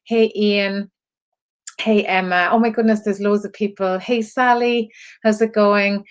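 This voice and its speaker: A woman's voice: medium pitch, fairly even intonation, measured pace, clear, resonant tone. An Irish woman hosting a live stream for her creative community, talking in an earnest, rambling way with fillers and laughs, close to tears. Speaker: host of an online creative community. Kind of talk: casual live-stream talk to viewers.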